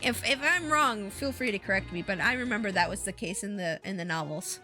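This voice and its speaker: A woman streaming a game, chatting in an excitable, self-deprecating way. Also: mid-range voice, fairly quick, hardly any pauses, soft background music. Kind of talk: live gameplay stream chat.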